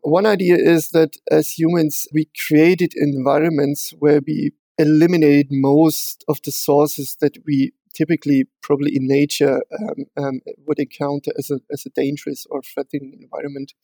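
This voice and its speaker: A man being interviewed about his research, speaking in a measured way with frequent fillers and restarts. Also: on the high side, level tone, gravelly, mellow, no echo.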